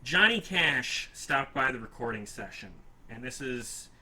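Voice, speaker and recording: A man's voice: medium pitch, lively intonation, measured pace, bright, forceful tone, breathy edge, low-quality recording. A man hosting a casual music podcast, talking in a rambling, enthusiastic and self-deprecating way. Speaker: podcast host.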